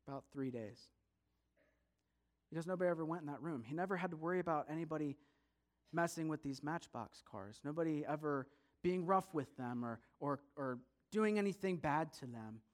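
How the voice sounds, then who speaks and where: High-voiced male storyteller. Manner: lively, talks straight to listeners. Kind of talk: animated storytelling to an audience.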